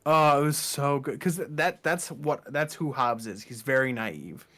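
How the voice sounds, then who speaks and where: Man, podcast co-host, casual chat, relaxed, rambling, mid pitch. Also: measured pace. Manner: relaxed, chatty, with fillers and laughs.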